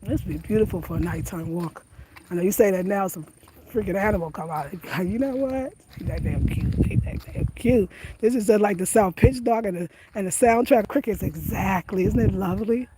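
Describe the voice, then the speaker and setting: A brisk, mid-range female voice is captured in a very noisy recording. She's a chatty vlogger talking to camera in a slangy, laugh-filled way, outside on a nighttime country road and later inside her home.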